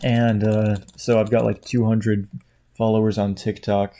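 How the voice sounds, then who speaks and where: A man chatting casually at his computer at home, tired, quiet and rambling, laughing often. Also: fairly low pitch, level tone, measured pace, slight background noise. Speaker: video creator. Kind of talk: casual chat while clicking at a computer. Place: at home indoors.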